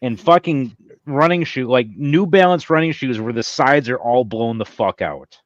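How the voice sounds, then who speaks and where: A man's voice: medium pitch, normal speed, no echo. A man who drives a truck, talking in blunt, profane casual chat. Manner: blunt, profane, matter-of-fact. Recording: dry lo-fi sound.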